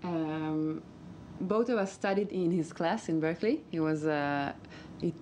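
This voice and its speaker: Israeli woman, very low voice, hesitant, pauses for words, faint noise. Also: darkish tone. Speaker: musician guest. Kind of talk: casual interview chat.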